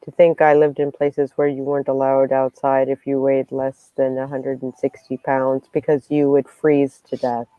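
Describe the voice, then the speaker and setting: A woman's voice: very deep voice, level tone, moderate pace, few pauses, no echo, narrow, tinny audio. A woman hosting a casual livestream chat, reading out viewer comments. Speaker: livestream host.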